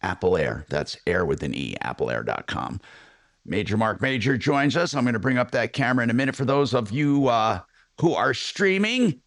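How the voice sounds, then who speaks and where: An older male radio host talks with a lively, swinging pitch, circling back and restarting as he rambles through his opinions. His voice is close and dry, with no room sound at all. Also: normal speed, vocal fry, no room sound. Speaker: radio talk show host. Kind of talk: talk radio monologue.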